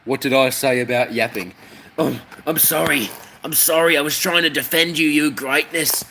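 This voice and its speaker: A man's voice: a little high, moderate pace, creaky, sharp tone, slight background noise. Rambling, swearing young-sounding man. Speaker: model railway streamer. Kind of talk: casual chat while working on a model.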